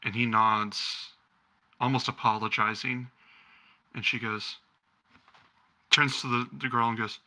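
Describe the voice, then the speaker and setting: A man acting as game master, narrating a tabletop game in a loose, rambling way. His voice is bright and sharp, and he fills the story with ums. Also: mid-range voice, fairly even intonation, measured pace, pauses often.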